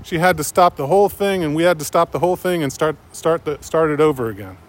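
A man narrating a story in a measured, unhurried way. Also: fairly high pitch. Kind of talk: story reading.

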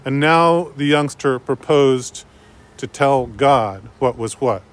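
A man narrating a story in a measured, unhurried way. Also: medium pitch. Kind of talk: story reading.

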